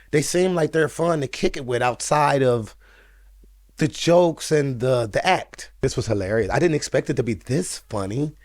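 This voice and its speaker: A man hosting a reaction video, laughing often and exclaiming loudly between clips. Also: on the high side, dry recording. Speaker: reaction channel host. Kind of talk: casual reaction commentary.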